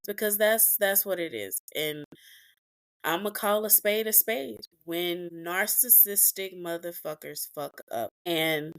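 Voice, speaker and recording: A woman's voice: fairly low pitch, takes it slowly, fairly bright tone. A woman hosting a podcast, telling a personal story in a blunt, profane, emotional way with emphatic repetitions. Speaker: podcast host.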